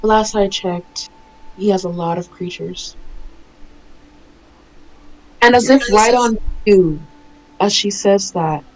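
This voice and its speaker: A woman running a tabletop game as game master, giving quick, casual answers full of fillers and narrating what the players hear. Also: medium pitch, a little mellow, a little hiss or hum, low-quality recording.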